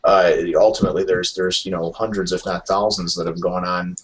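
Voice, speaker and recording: A man's voice: deep voice, flat delivery, fairly quick. A man on a podcast, talking in a laid-back, hesitant way full of fillers in casual chat. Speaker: podcast co-host.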